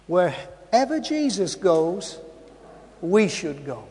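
A man's voice: high voice, sing-song, slow pace, mellow. A man preaching a sermon. He repeats his phrases and asks the congregation rhetorical questions. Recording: long hall reverb.

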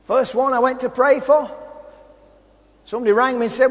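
Man, preacher, sermon, impassioned shouting, very high voice, hall reverb. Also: fairly even intonation, moderate pace, pauses often.

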